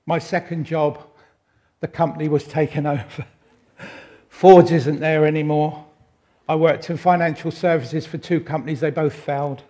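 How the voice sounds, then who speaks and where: A middle-aged man preaching a sermon, reflective and unhurried, with wry self-deprecating asides. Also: a little high, fairly even intonation, warm tone.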